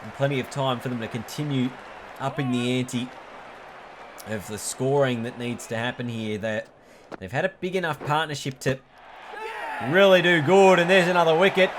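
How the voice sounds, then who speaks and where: A man gives chatty, excitable play-by-play commentary on a cricket video game, jumping up at big moments and correcting himself along the way. His voice is mid-range, and there is background noise.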